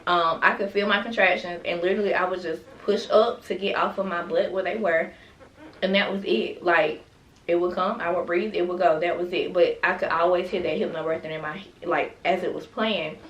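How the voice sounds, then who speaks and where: Low-voiced woman chatting to her viewers. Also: steady tone, normal speed. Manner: chatty, talks straight to viewers with frequent asides. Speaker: mother sharing her birth story. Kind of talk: casual storytelling vlog. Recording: roomy sound from a distance.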